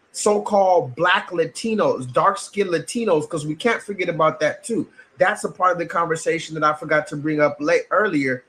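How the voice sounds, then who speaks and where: A man's voice: high voice, fairly bright tone. A man from the United States giving blunt, emphatic, profane livestream commentary. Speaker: streamer.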